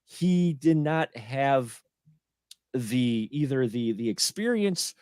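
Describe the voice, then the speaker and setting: A man as a guest film reviewer in a casual live stream chat, animated, acting out his own reactions. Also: medium pitch, takes it slowly, clean tone, no echo, studio quality.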